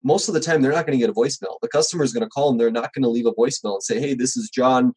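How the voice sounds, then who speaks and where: A man's voice: mid-range voice, rapid-fire, slightly rough, rough recording. A man who runs a small home service business, chatting as a podcast guest and acting out little scenes as he tells them. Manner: animated storyteller, acts out quoted voices. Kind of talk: casual podcast conversation.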